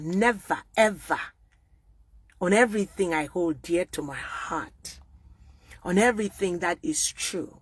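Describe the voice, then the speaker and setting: A woman with a Nigerian accent from Akwa Ibom, speaking out in an emphatic personal monologue that swings between loud outbursts and hushed, repeated oaths. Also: lowish voice, takes it slowly, breathy edge. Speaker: vlogger speaking out.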